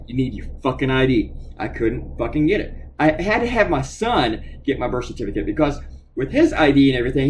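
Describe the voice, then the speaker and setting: A man's voice: high voice, rough recording. A middle-aged man, a cartoonist, ranting angrily and profanely while drawing on a live stream. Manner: angry, profane, animated.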